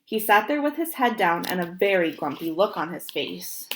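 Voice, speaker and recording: A young woman reading a picture book aloud, gentle and expressive, pausing to point at the pictures. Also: fairly low pitch. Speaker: storybook reader.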